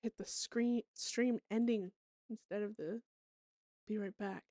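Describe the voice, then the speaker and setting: A woman's voice: mid-range voice, fairly even intonation, unhurried, mellow, dry recording, clean studio sound. A young woman from Canada chatting casually with her stream viewers, laughing often and swearing freely.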